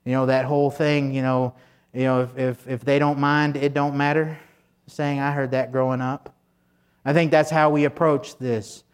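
A man's voice: medium pitch, flat delivery, normal speed, smooth. A man preaching a sermon in a conversational, folksy way, full of fillers and restarts. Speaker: pastor.

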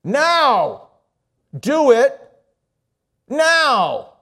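A man voicing a fierce old male monk who shouts urgent commands. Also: extremely high pitch, sing-song, extremely slow, pitched above the performer's own voice, full character voice. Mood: shouting.

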